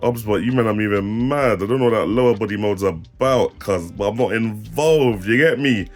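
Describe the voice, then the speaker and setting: A man's voice: lowish voice, moderate pace, soft background music. A young man with a South East London accent, demoing a webcam to camera in casual slang, laughing and joking as he goes. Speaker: tech reviewer. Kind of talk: casual product demo to camera.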